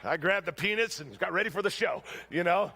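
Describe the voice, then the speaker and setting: A man preaching a storytelling sermon in a church, shouting during his stories and dropping low for his main points. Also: expressive, brisk, husky, long reverb tail. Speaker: guest preacher. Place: church sanctuary.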